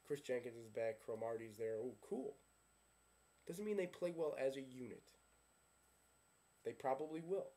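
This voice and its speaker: Dark-voiced sarcastic man, football fan rant. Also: mid-range voice, moderate pace, long pauses. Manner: sarcastic, ranting, keeps asking himself questions. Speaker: sports vlogger.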